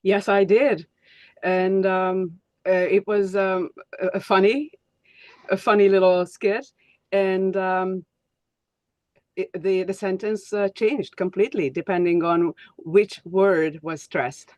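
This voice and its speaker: A woman's voice: mid-range voice, steady tone, slow pace, darkish tone, no room sound, lo-fi sound. A woman co-presenting an online workshop, speaking hesitantly with many fillers.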